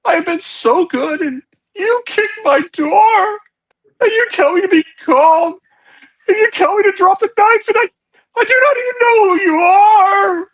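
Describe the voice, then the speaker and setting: A man voicing a terrified elderly man who weeps and pleads, his voice shaking and breaking into shouts. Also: extremely high pitch, unhurried, pitched above the performer's own voice, full character voice, poor audio. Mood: desperate weeping. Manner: sobbing, shaky, pleading, rising to shouts. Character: terrified weeping old man guarding cabin.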